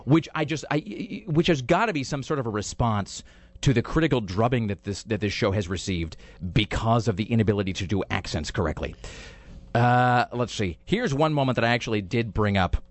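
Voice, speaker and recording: A man's voice: medium pitch, lively intonation, fairly quick, no room sound. A man hosting a podcast, rambling sarcastically in casual chat about a TV show. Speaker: podcast host reviewing TV.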